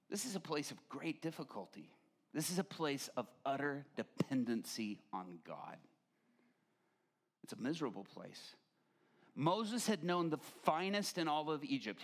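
Middle-aged male pastor, lively sermon delivery, voice sits on the high side and pushes loud at peaks. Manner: animated storytelling, rising to near-shouts.

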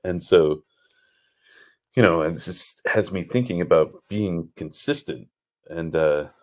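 Very deep-voiced man rambling casually. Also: unhurried. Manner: rambling, animated storytelling. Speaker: podcast host. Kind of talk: casual conversation.

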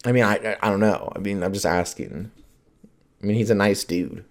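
A man with a very low, deep voice talks alone into a podcast mic, loose and unscripted. He rambles from thought to thought, leaning on "like", swearing freely and breaking into laughs. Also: steady tone, a little fast. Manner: rambling, heavy on fillers, swears, laughs often. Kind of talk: casual solo podcast chat.

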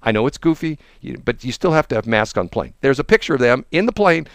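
A co-host in a casual political chat tells a story with lively intonation at a quick pace, mocking people, laughing often, and mimicking them in high voices. The recording is dry with clean studio sound.

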